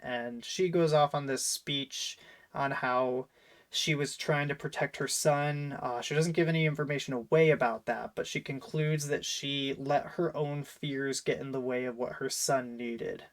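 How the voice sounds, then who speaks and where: A man's voice: medium pitch, steady tone, unhurried, rough recording. A man hosting a casual chat, rambling and enthusiastic, full of fillers and restarts. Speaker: host.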